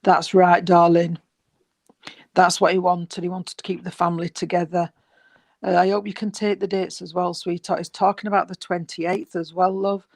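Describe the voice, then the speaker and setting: A spiritualist medium giving a gentle, reassuring reading, rambling and repeating, with many fillers. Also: medium pitch, level tone, moderate pace, gravelly, dry recording, rough recording. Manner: gentle, reassuring, calls the sitter sweetheart and darling. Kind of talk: mediumship reading at an online service.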